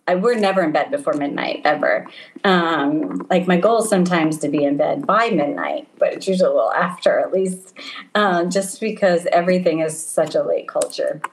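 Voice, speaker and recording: A middle-aged woman missionary talking casually as an interview guest, laughing often and filling pauses with ums. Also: fairly low pitch, animated, slight background noise, low-quality recording. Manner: warm, laughs often, many ums and restarts. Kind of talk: casual conversation. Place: home in Italy, over a call.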